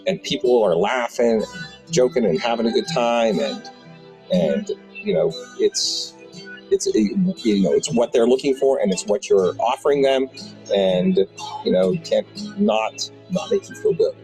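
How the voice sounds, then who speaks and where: A man's voice: medium pitch, wildly swooping pitch, unhurried, a little mellow, faint music behind, poor audio. A man in his fifties who owns a tabletop game shop, telling rambling anecdotes with many restarts in an interview. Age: 50s. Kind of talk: storytelling interview.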